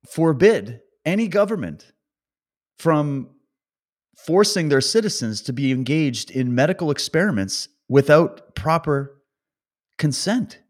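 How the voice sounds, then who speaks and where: A man giving a casual, rambling opinion monologue, ranting and sarcastic, with many fillers and restarts. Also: fairly high pitch. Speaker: vlogger.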